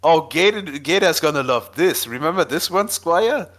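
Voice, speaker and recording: A man's voice: on the high side, lively intonation, moderate pace, a bit bright. A man hosting a live stream in casual chat, swearing often and thinking aloud in scattered bursts. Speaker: stream host.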